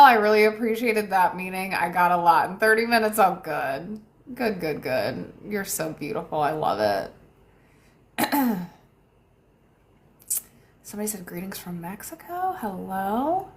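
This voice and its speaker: On a casual livestream, a young woman from the United States who works as a manifestation coach reads through comments from viewers. She speaks in a mid-range voice, thanking them warmly with little laughs.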